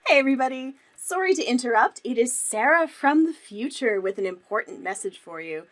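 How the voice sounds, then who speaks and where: A woman's voice: on the high side, animated, brisk. A woman working as a museum teacher, hosting a children's storytime and lesson in an upbeat, friendly way that speaks to kids directly.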